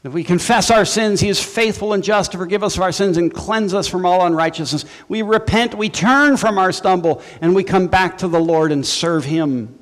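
A man's voice: high voice, moderate pace, hardly any pauses, in a large hall. A male pastor preaching a sermon in a conversational way, with humorous asides to his congregation.

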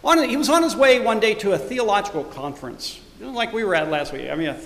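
A middle-aged man, the church's pastor, preaching a sermon; he swells loudly on scripture verses and drops to quiet, conversational asides. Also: high voice, expressive, fast, vocal fry, roomy sound, in a large hall. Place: church sanctuary.

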